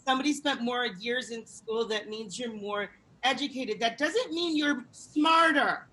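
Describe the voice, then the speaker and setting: A woman co-hosting a casual podcast chat, animated and drawing in her co-hosts with questions. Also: on the high side, unhurried, slight background noise. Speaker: podcast co-host.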